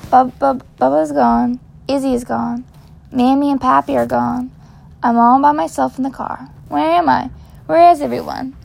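A woman reading a first-person story in a child's voice, gentle and measured. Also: high-pitched, creaky. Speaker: narrator.

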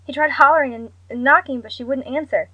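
A woman's voice: high voice, quick pace, no room sound, highs cut off, voice pushed up. A woman voicing a frightened, sobbing middle-aged mother who stammers and cries out in panic. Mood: panicked.

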